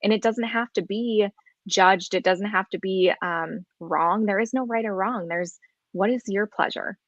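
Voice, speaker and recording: A woman guest on a live podcast, speaking calmly and reflectively, like a coach. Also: mid-range voice, unhurried, no echo, lo-fi sound.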